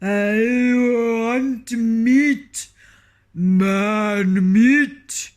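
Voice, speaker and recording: A woman reading a storybook and voicing a huge, greedy one-eyed ogre who roars and bellows slowly. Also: on the high side, pitched above the performer's own voice. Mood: roaring. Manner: roaring, drawn-out bellowing.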